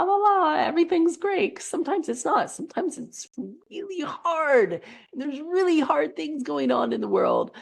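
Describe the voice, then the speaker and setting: A woman's voice: lowish voice, creaky, a little mellow. A woman coach giving a monthly energy reading in an earnest, reassuring way, her voice worn from a recent cold. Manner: earnest, reassuring, repeats phrases.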